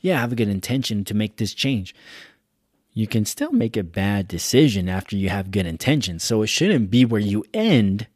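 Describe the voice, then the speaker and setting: A man's voice: fairly low pitch, moderate pace, no echo, clean studio sound. A man hosting a motivational podcast, talking energetically and hyping up his listeners. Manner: energetic, hype, pumps up the listener. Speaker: podcast host.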